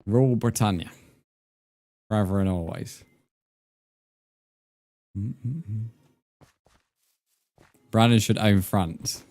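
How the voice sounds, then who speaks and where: A man's voice: on the low side, drawn-out words, long pauses, a little mellow, dry recording. A young English man streaming a game, chatting casually and joking with his viewers, with faint music behind him. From England. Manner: chatty, joking, swears freely, reads chat aloud. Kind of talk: casual live-stream chat while gaming.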